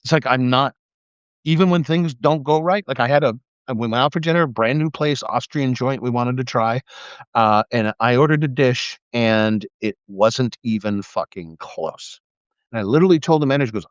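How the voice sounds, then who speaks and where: A man's voice: mid-range voice, moderate pace, clean tone, no room sound. A middle-aged man talking casually on a live stream, telling stories and acting out quoted people in a raised voice. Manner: animated storytelling, acts out quotes in a raised voice. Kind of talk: casual monologue. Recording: slightly dull lo-fi sound.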